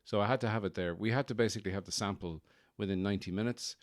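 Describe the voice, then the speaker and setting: A man's voice: on the low side, very fast, no echo, clean studio sound. A man hosting a podcast, rambling wryly and poking fun at himself in a casual monologue. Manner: wry, self-deprecating, rambling. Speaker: podcast host.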